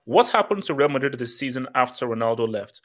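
A man's voice: mid-range voice, lively intonation, fast. A man hosting a casual football panel show, reading out viewer comments and teasing his co-hosts with sarcasm and frequent laughter. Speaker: podcast host reading chat.

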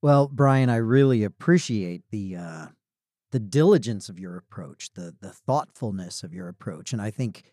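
A man's voice: fairly low pitch, expressive, normal speed, dark tone, no echo, studio quality. A man hosting a podcast, speaking in an appreciative, conversational way. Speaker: podcast host. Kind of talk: casual podcast chat.

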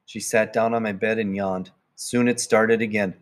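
A man narrating a children's storybook in a plain, even read-aloud manner. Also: on the low side, moderate pace, hardly any pauses. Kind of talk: storybook reading.

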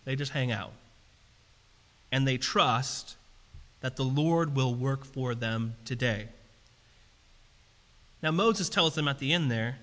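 A man preaching a sermon in a casual, conversational way that turns animated and emphatic. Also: medium pitch, slow, long pauses. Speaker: pastor. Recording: reverberant hall.

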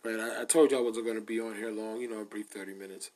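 A man hosting his podcast, ranting loudly and emphatically in a casual comedic way, repeating himself for effect. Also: on the low side, steady tone, quick pace. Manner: loud, emphatic, repetitive. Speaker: podcast host.

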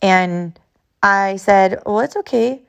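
Earnest mom telling a family story. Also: female voice, mid-range voice, slow, gravelly, clean tone. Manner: earnest, emotional, repeats herself. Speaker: podcast host. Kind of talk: personal storytelling monologue.

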